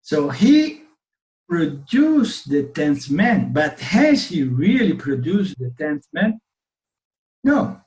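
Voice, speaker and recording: Slow, a little mellow, and very animated, this man's voice sits on the high side. A native Portuguese speaker with a Brazilian accent, he teaches Vedanta online through a story, frequently asking "okay?", and the webinar recording has a roomy sound.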